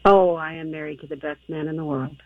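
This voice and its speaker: A woman's voice: low-pitched, fairly even intonation, fast talker, no echo. Phone-in caller, woman, emphatic, phone-line sound. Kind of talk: phone-in call.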